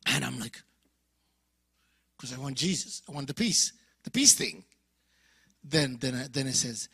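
A middle-aged man preaching his testimony as a guest speaker, telling the story with animated acted dialogue and voicing other people in a high pitch. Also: normal speed, gravelly, long pauses, husky, no room sound.

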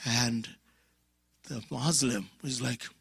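A man in his fifties from Africa, a guest preacher at a church conference, gives a storytelling sermon in a slow, medium-pitched voice that's creaky and husky. The clean studio audio has no echo, and he animatedly acts out dialogue and drops suddenly into whispers.

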